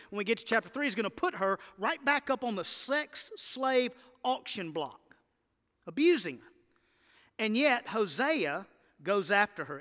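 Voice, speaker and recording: A man preaching a sermon to his church, impassioned and building to loud emphatic lists. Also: high-pitched. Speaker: pastor. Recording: church hall reverb.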